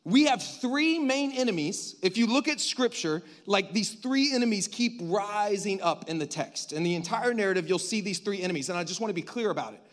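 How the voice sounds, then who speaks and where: High-voiced preacher with joking asides. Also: male voice, expressive, a little fast, few pauses. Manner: conversational, with joking asides to the congregation. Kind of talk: sermon.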